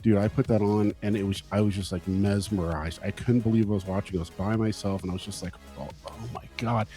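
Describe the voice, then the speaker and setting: A man from California sits in as a podcast guest and unwinds long, easygoing stories. His voice sits low, and he swears casually and acts out what he once thought. Faint music runs beneath him. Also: steady tone, brisk, mellow. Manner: laid-back storyteller, swears freely, acts out his own past thoughts.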